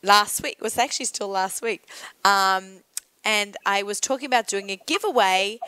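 A woman's voice: medium pitch, normal speed, pushed and bright, clear, resonant tone, dry recording. A woman hosting an interview, chatting casually and enthusiastically with her guest. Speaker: podcast host.

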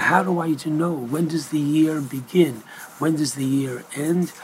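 A man giving a Torah lecture as a rabbi, speaking deliberately and with emphasis, mixing in Hebrew terms. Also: a little high, a little hiss or hum, low-quality recording.

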